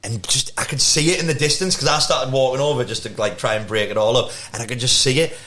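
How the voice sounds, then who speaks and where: A man, a podcast co-host telling an anecdote in casual chat, quick to react and to swear. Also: mid-range voice, bright, forceful tone, slight background noise. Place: podcast studio.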